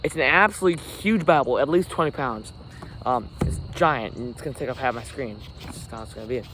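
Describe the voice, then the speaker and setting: Outdoors by a forest, a man records his own solo podcast on camera, speaking in a rambling, self-correcting manner. His medium-pitched voice moves fairly quickly over background noise that includes insects and crickets.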